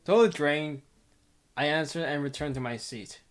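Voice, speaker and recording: A man's voice: fairly high pitch, moderate pace, soft background music. A man reading a visual novel aloud in a casual playthrough, amused and laughing often. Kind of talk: casual game playthrough narration.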